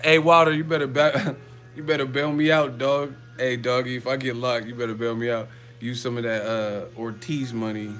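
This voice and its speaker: A man's voice: mid-range voice, fairly bright tone. Profane joking man on a live vlog. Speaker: boxing YouTuber host. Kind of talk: live-chat vlog storytelling. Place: hotel room.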